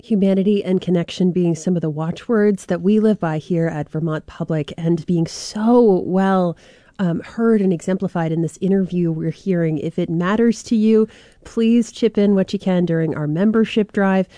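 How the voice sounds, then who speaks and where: A woman's voice: on the low side, normal speed, dark tone, no room sound. A woman hosting a radio pledge drive, speaking casually and conversationally. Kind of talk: on-air fundraising appeal.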